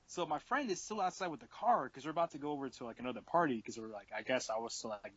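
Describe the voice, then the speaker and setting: A young man in a rather high register spins a story in a loose, filler-packed way, acting out what people said. The recording is dry and lo-fi, with a muffled top end. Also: racing, few pauses, no room sound. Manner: animated, filler-heavy retelling with frequent "like" and acted-out asides. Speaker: podcast host. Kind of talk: casual storytelling.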